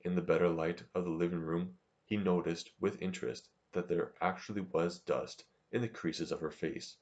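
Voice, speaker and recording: A man reads a novel aloud as audiobook narration. His voice is very low and deep. The reading stays steady and measured throughout. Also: lo-fi sound.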